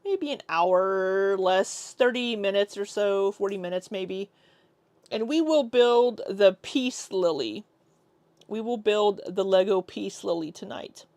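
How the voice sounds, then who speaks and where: A woman's voice: medium pitch, slow, a little mellow, no echo. Chatty American woman live-streaming. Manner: chatty, laughs often, tries out silly accents. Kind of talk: casual live-stream chat with viewers.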